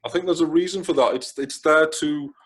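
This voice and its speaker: A man from Germany, a spiritual author, talking in a relaxed interview with frequent restarts and hesitant fillers. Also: a little high, fairly quick. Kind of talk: casual interview conversation.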